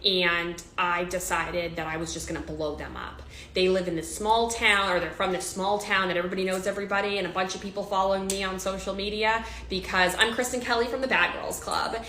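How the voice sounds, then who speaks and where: A woman's voice: mid-range voice, steady tone, fairly quick, hardly any pauses, sharp tone, roomy sound, a little hiss or hum, poor audio. A woman telling a personal story in a storytime vlog, emotional and repetitive with many restarts.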